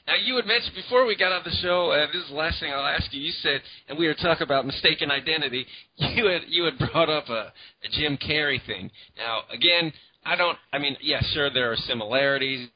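A man's voice: fairly high pitch, fairly quick, dull audio. A man hosting a casual interview, asking loose, chatty questions with a laugh. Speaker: podcast host.

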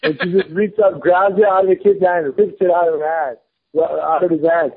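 A man's voice: high voice, steady tone, a little fast, slightly rough. A man in his thirties telling a story in a casual chat, blunt, heated and swearing often. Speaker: podcast guest. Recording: phone-like lo-fi podcast audio.

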